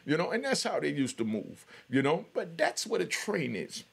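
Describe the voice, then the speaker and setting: A man's voice: fairly high pitch, very animated, moderate pace, gravelly, slightly rough. A middle-aged man hosting a podcast, telling a long personal story and often breaking off with "you know what I mean" and short laughs. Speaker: podcast host. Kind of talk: storytelling monologue.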